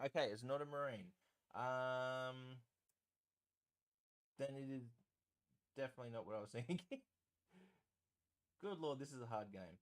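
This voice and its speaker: A man's voice: medium pitch, expressive, normal speed, long pauses. A man hosting a live stream, chatting in a rambling, self-deprecating way while he paints.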